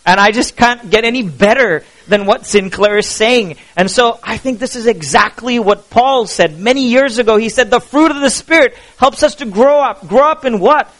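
A pastor preaching a sermon, animated and asking the congregation questions as he goes. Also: very high voice, normal speed, hardly any pauses, poor audio.

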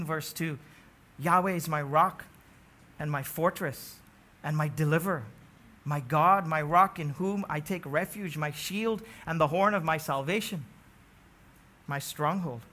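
Male preacher, high bright voice, emphatic sermon delivery with swings from quiet to loud, questions thrown to the congregation. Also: a little slow, long pauses. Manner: emphatic, rising to near-shouts on key phrases, asks the congregation questions.

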